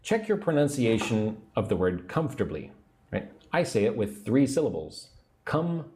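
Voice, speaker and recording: A man teaching English on a livestream, speaking slowly and patiently and repeating phrases for learners. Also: on the low side, sing-song, a little mellow. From United States.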